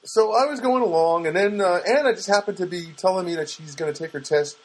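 Husky guy rambling to the camera, lots of uh and um, wry little asides. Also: high-pitched, fast talker, low-quality recording. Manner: hesitant, many fillers and restarts, wry asides. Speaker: vlogger. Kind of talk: rambling casual monologue.

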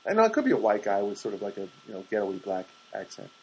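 A man's voice: lowish voice, sing-song, fast talker, husky, poor audio. A man from the US East Coast talking casually in a rambling solo monologue, chatty and self-deprecating, often putting on comic voices for other people.

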